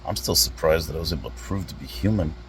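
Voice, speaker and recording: Man, extremely low voice, deadpan comedy monologue, rambling questions, faint background noise. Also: rough recording. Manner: rambling rhetorical questions, drawn-out pauses. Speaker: comedy vlogger.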